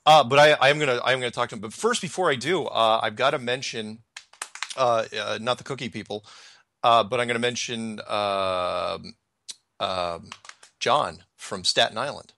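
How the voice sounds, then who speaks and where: Rambling male podcast host, bright voice. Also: medium pitch, vocal fry. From Washington state, United States. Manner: rambling, halting, many restarts. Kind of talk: casual podcast chat.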